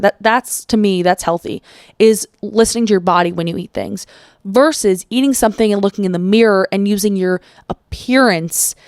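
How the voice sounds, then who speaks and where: A blunt woman hosting her own motivational podcast, cursing casually and firing off rhetorical questions. Her voice sits at an ordinary middle pitch and sounds dry and close to the mic, with no room around it. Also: darkish tone, clear, resonant tone, dry recording. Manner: blunt, swears freely, asks rhetorical questions; acts out quoted inner voices. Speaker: podcast host. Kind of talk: solo motivational podcast talk.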